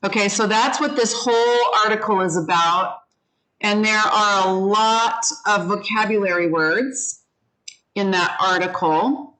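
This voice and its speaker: A woman's voice: medium pitch, bright, forceful tone, rough recording. A woman teaching an English vocabulary lesson, patiently walking the class through word meanings and having them repeat each word after her. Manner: slow, patient, leads the class in repeating words. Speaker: ESL teacher.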